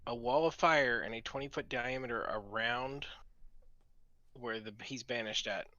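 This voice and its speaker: A man's voice: mid-range voice, unhurried, sharp tone, no room sound, muffled recording. A man playing a tabletop game, spelling out his character's actions step by step. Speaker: player. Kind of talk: casual tabletop game play.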